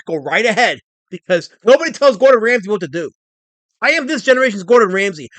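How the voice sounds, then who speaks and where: A man with a high voice hosts a livestream. He talks straight to his chat in a mock-pompous, stammering way. The sound is dry, with no room echo. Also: a bit bright. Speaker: livestream host.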